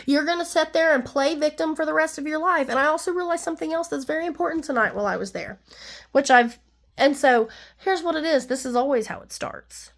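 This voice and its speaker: Brief: woman vlogger, high voice, heated and rambling personal rant. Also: fairly quick. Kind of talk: ranting personal monologue.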